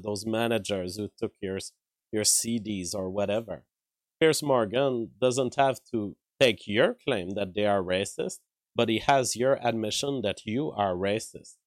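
A man's voice: on the low side, no echo, poor audio. A man commenting live on an interview clip, analytical and thinking aloud through his own compressed mic.

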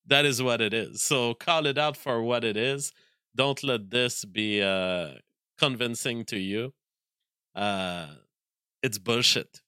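On a live stream, a man with a clear French accent speaks crisply and forcefully at medium pitch, often pausing and restarting as he reads viewer messages and thinks out loud. The sound is dry and close with no echo, a casual chat.

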